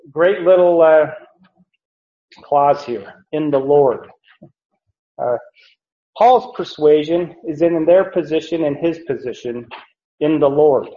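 A man teaching a Bible passage as a pastor, slow and deliberate, with many pauses and fillers. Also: fairly high pitch. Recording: echoey room, dull lo-fi sound.

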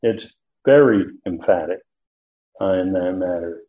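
A man with a fairly low voice leads a verse-by-verse Bible study, pausing often on fillers and restarting his sentences. The sound is thin and tinny, as over a phone line. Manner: halting, frequent fillers and restarts. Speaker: Bible teacher.

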